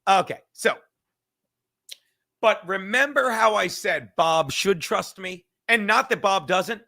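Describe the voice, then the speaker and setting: A man's voice: high voice, slow pace, gravelly, bright, forceful tone. A young man hosting a casual podcast, rambling and swearing constantly while fiddling with his laptop and a cigar. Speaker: show host. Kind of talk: casual profane podcast rant.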